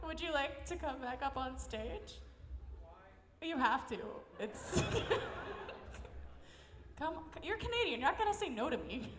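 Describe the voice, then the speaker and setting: Lively high-voiced woman hosting a live show. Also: unhurried, long pauses. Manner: bubbly and laughing, teasing the guests. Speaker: show host. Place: convention stage before a live audience. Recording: echoey hall with crowd noise.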